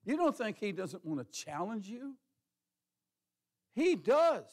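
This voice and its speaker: Preaching slowly in a church sanctuary, this pastor has a high, a little mellow voice with big pitch swings. His sermon is conversational and folksy, he uses "ain't," and he questions the congregation and names members.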